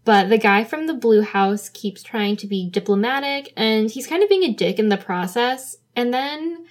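A woman's voice: on the high side, animated, moderate pace. Casual chatty woman co-host. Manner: casual, laughs easily, frequent fillers. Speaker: podcast co-host. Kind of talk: casual chat recapping a drama episode.

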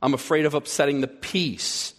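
A man preaching a sermon as pastor, animated, acting out little scenes in other voices as he goes. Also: a little high, moderate pace. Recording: echoey hall with long reverb.

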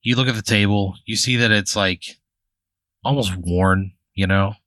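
A man's voice: lowish voice, normal speed, fairly bright tone, dry recording. A man narrating an improvised tabletop game as game master, casual and filler-heavy. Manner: casual, full of "like" and "you know".

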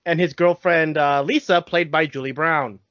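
A podcast co-host in casual chat, calmly giving facts in a matter-of-fact way. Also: mid-range voice, moderate pace, dry recording. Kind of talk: casual chat about a cartoon film. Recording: dry, dull lo-fi sound.

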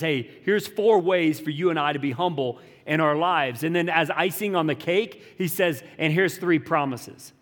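A man's voice: on the high side, in a large hall. A man preaching a sermon as pastor, talking in a casual, conversational way with slangy asides and playful voiced quotes.

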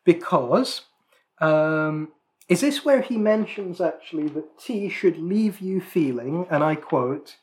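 A man chats casually as a podcast co-host. He is talkative and self-deprecating, often restarting his sentences and filling pauses with ums. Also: on the high side, expressive. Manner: chatty, self-deprecating, frequent restarts and fillers.

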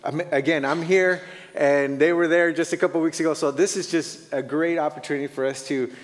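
A male pastor speaking from the front of a church sanctuary, chatty and joking, with lots of fillers. His voice sits a little high for a man and sounds a little shaky from the cold. Long reverb from the hall trails behind every phrase. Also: steady tone, fairly quick. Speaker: missionary pastor. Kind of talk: church announcements and greetings.

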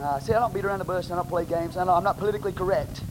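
A man with a Texan accent, preaching a sermon as pastor in a blunt, plain-spoken way, bursting into shouts. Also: sits high, steady tone, racing. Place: church sanctuary. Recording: noisy live church recording.

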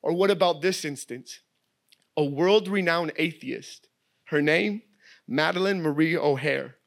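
A man's voice: on the high side, measured pace, vocal fry. A man, preaching a sermon as guest preacher, telling stories and voicing his daughter. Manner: animated storytelling, voices his daughter.

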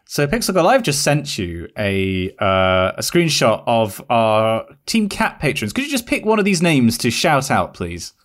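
A man's voice: mid-range voice, big pitch swings, a little slow, hardly any pauses, a bit bright. A man co-hosting a casual podcast, playful and joking as he reads thank-you names. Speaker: podcast co-host.

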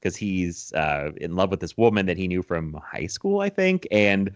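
Low-voiced man in rambling movie chat. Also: huge pitch swings, normal speed. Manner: laughs often, rambling with restarts. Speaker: podcast co-host.

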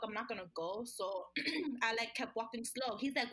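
A woman's voice: on the high side, a little fast, sharp tone, poor audio. A woman co-hosting a podcast, casually telling a rambling story, laughing often and swearing freely. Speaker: podcast co-host.

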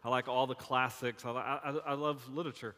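A man's voice: mid-range voice, fairly even intonation, fast, bright, forceful tone. A man preaching a sermon as a pastor, casual and joking, often stammering and restarting his sentences. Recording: long reverb of a large hall.

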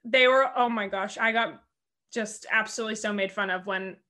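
A woman's voice: medium pitch, pushed and bright. A young American woman in casual conversation, interviewing a teammate in a chatty way with lots of filler words. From United States. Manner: chatty, fast, many "like" fillers.

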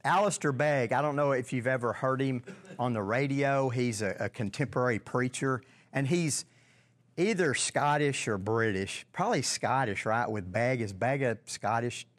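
A man teaching a Bible lesson in a conversational way, often repeating words and putting questions to his listeners. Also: mid-range voice. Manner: halting, repeats words, asks the audience questions.

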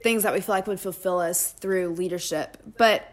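A woman's voice: lowish voice, steady tone, normal speed. A young woman speaking as a podcast guest in casual chat, earnest and reflective. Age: young adult.

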